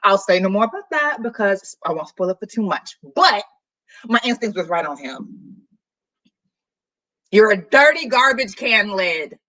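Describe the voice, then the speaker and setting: Woman, book vlogger, casual slangy chat, lively swooping pitch, bright tone. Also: unhurried, pauses often, low-quality recording. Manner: animated, chatty, slangy. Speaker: book vlogger hosting a reading sprint.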